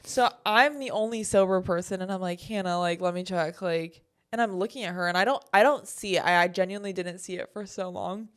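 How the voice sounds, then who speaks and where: A woman's voice: mid-range voice, brisk. Young woman telling a wild story. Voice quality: swears freely, animated retelling with quoted voices. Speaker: podcast co-host. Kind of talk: casual storytelling chat.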